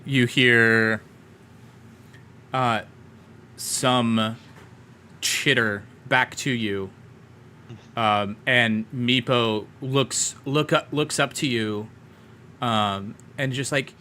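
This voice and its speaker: A man's voice: medium pitch, steady tone, extremely slow, pauses often, bright, forceful tone, slight background noise. A man narrating a tabletop game as game master, in a loose, rambling way full of fillers.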